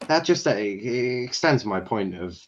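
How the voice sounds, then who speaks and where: Blunt man, low voice, dull audio. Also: expressive, moderate pace. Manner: blunt, opinionated, laughs at his own stories. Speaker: referee guest. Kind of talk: casual chat on a live stream.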